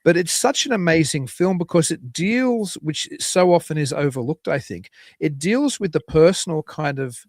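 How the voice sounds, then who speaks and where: A man's voice: on the high side, expressive, moderate pace, hardly any pauses, a little mellow, no echo. A man hosting a podcast interview over a video call, talking in a rambling way with dry humor. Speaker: podcast host.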